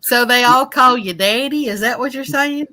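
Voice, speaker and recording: A woman's voice: a little high, normal speed, sharp tone, no echo. A woman chatting casually as co-host, teasing and laughing easily. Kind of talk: casual live chat.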